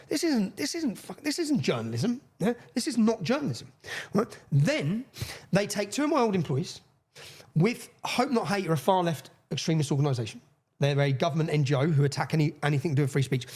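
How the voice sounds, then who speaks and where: Fast-talking excitable man. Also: on the high side, husky. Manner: fast, excitable, swears, acts out quoted voices. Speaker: interview guest. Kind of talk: animated storytelling in a podcast interview.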